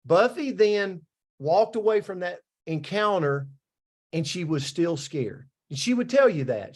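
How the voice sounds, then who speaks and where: A man telling a success story to his team, animated and building to a point. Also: sits high, measured pace. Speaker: business team leader. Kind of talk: motivational storytelling.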